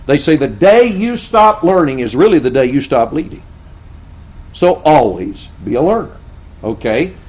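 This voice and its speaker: A man's voice: a little high, very animated, normal speed, a little mellow. An older man preaching a sermon to pastors, with earnest, folksy storytelling.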